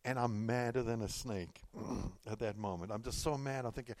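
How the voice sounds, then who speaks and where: Barely pausing, a middle-aged California pastor keeps a moderate pace through a conversational sermon, telling stories, circling back to repeat himself and adding asides. His mid-range voice has a darkish tone, captured in a dry recording.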